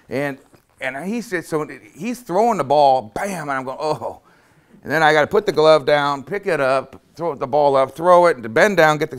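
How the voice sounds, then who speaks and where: A man's voice: mid-range voice, fairly bright tone. A middle-aged man telling a self-deprecating, humorous story from his childhood as a motivational talk.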